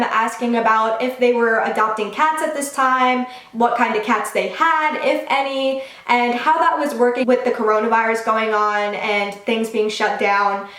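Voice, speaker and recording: A woman in her twenties from Long Island, New York, tells a casual storytime vlog in a fairly high, fairly bright voice with a reverberant sound. She's chatty and says "like" a lot.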